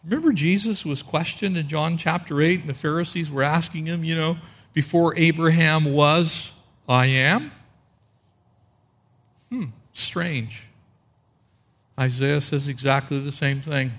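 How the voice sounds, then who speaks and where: A man preaching a sermon, reading verses aloud and asking rhetorical questions, slowing down to stress key phrases. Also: a little high. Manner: expository preaching, rhetorical questions, slows for emphasis. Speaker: pastor.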